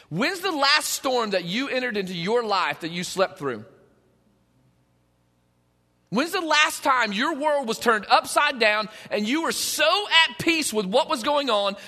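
A man preaching a sermon, telling the story in an animated way and acting out the scenes. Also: very high voice, long reverb tail. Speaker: pastor.

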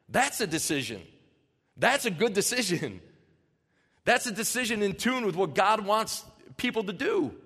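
A man's voice: high voice, big pitch swings, moderate pace, a bit bright, slightly rough. A man preaching a sermon, reading scripture aloud and then explaining it earnestly in casual terms, in a church hall. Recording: long reverb in a large hall.

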